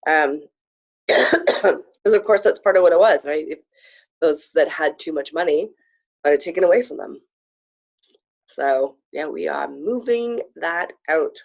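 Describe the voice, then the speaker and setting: A woman spiritual coach hosting a live program, talking casually and effusively to viewers, with frequent fillers and excited whoops. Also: sits low, measured pace, gravelly, pauses often, muffled recording.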